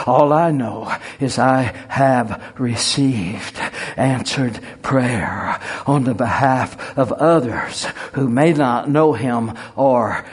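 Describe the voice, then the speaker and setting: Husky middle-aged male preacher. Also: mid-range voice, takes it slowly. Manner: folksy and conversational, swelling to fervent emphasis. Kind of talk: sermon with spoken prayer.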